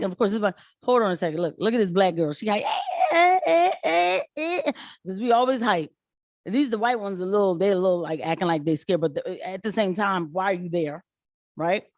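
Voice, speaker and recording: A woman giving casual political commentary on her channel, animated and rising in pitch when she gets riled. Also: dry recording, clean studio sound.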